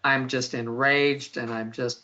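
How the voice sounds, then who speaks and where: A man's voice: mid-range voice, flat delivery, measured pace, bright, forceful tone. A man interviewing a guest in a webinar, thinking aloud with restarts and repeated words. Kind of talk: conversational webinar questions. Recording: dull lo-fi webinar audio.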